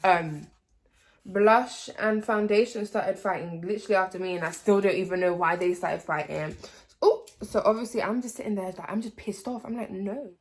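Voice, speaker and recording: A woman's voice: mid-range voice, normal speed. A young woman chatting through a story in a vlog. She rambles, drops slang and swear words, and fills gaps with "like". Her voice sits in an ordinary middle register. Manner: rambling, slangy, swears freely, many "like" fillers. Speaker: vlogger. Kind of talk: casual storytime chat.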